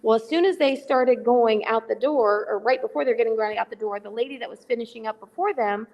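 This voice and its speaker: A middle-aged woman with a rough, gravelly voice pitched a little high tells a story as a guest on a remote call. She is animated and acts out every line of dialogue herself. Her voice carries a long, echoing reverb. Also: fast, muffled recording. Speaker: guest, charity volunteer. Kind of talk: casual storytelling on a call-in podcast.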